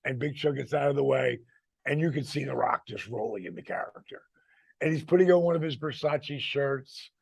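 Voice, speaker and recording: Gravelly, animated storyteller man in his 60s. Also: medium pitch, moderate pace, dry recording. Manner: animated storyteller, acts out quotes, swears freely. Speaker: retired wrestler telling stories. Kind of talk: casual storytelling chat.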